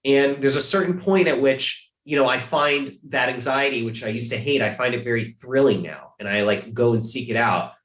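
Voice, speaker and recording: A man's voice: medium pitch, normal speed, hardly any pauses, a bit bright, reverberant. A man from Ohio, a podcast guest chatting casually, rambling with many fillers and restarts. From Ohio, USA.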